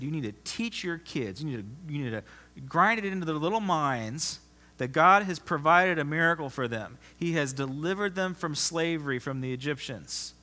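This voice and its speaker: A man preaching a sermon as pastor, emphatic, often repeating himself and swinging from loud to soft. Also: on the high side. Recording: long reverb of a large hall.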